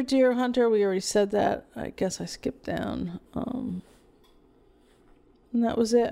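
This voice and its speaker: A woman's voice: medium pitch, gravelly, warm tone. A woman co-hosting a casual film podcast, rambling through award lists with lots of fillers. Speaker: podcast co-host. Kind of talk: casual film review chat.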